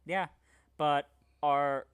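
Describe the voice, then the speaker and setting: A man's voice: fairly high pitch, drawn-out words, smooth. A man in casual chat, telling rambling tabletop game stories over a video call. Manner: rambling storyteller, animated and loose. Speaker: podcast co-host.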